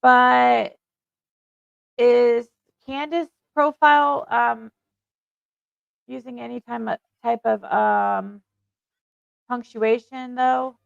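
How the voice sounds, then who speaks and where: A woman with a fairly high, gravelly voice chats casually and hesitantly as she reads text messages aloud and answers her viewers. Her tone is smooth and crisp, and the room sound is dry. The audio is tinny and thin, like a phone line. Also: steady tone, drawn-out words, long pauses, no room sound. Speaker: online commentator.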